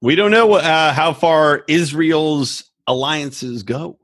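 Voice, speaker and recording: A man's voice: on the high side, slow pace, a bit bright. A man co-hosting a casual podcast, joking and riffing with friends. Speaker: podcast co-host.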